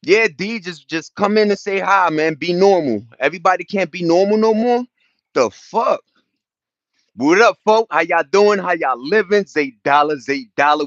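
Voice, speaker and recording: A man's voice: on the high side, fairly bright tone, no echo. A man, chatting loosely on a livestream, greeting viewers and laughing as he talks. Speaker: livestream host. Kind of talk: casual livestream chat. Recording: dull lo-fi sound.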